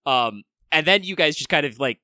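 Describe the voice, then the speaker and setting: A man's voice: a little high, animated, normal speed, sharp tone, dry recording. A man co-hosting a podcast in casual chat, thinking aloud with many fillers and restarts. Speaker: podcast co-host.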